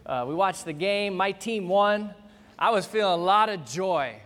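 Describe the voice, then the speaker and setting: A middle-aged male pastor delivering a sermon, animated and humorous, acting out scenes as he tells the story. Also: sits high, unhurried, long reverb tail.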